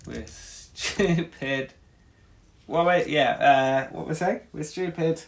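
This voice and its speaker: A man's voice: a little high, normal speed, vocal fry. A man casually talking to himself during a music-making livestream, mumbling ideas half under his breath. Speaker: music producer streaming a track build.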